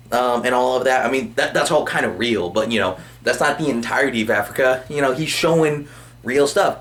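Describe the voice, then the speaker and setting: A young man ranting casually as a vlogger, rambling and excitable with lots of slang. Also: mid-range voice. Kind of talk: casual motivational rant.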